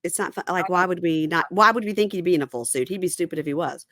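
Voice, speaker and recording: Brief: woman podcast host, lowish voice, frank recap chat, dry close mic. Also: quick pace, a bit bright, no echo. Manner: frank, retells scenes by quoting the people in them. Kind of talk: casual reality TV recap chat.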